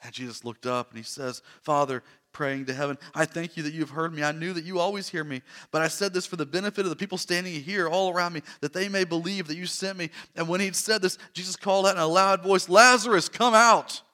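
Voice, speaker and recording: A man preaching a sermon, earnest, dropping to soft hushed lines and rising to loud emphatic repetition. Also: on the high side, fairly even intonation, quick pace, few pauses. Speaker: pastor.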